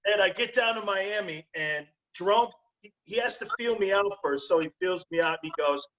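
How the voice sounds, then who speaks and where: A former football player telling animated, laughing stories in a casual group video chat. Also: male voice, high voice, moderate pace, dull audio.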